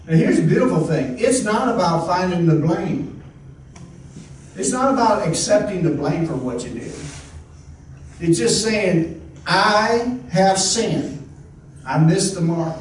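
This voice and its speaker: A man preaching a folksy, rambling sermon, his slightly high voice carrying from a distance. The sound is very echoey, with faint noise behind. He restarts often and talks like he's chatting with the congregation. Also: expressive, normal speed, a little mellow. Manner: conversational, repeats and restarts, folksy exclamations. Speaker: pastor.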